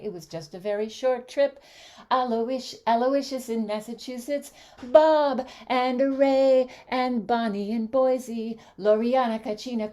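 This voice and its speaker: Woman, host, unhurried, slightly high voice, sing-song greetings, video call audio. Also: mellow. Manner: lilting, sing-song greetings, drawn-out welcomes. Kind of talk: warm welcoming livestream greetings.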